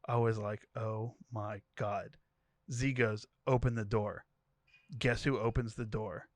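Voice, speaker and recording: A man's voice: mid-range voice, measured pace, dry recording. A podcast co-host reading a wild tweet thread aloud, laughing as he goes and giving each character's lines a voice. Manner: animated storytelling, laughing between lines.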